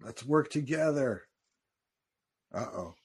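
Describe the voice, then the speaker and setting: A man's voice: medium pitch, animated, takes it slowly, a little mellow, breathy edge. A man giving casual, jokey commentary while watching a film with a friend. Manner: chatty, jokey asides and reactions.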